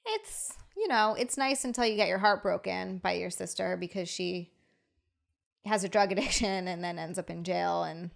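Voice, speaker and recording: A young adult woman hosting a casual podcast chat, chatty and quick to laugh. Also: lowish voice, lively intonation, vocal fry. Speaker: podcast host.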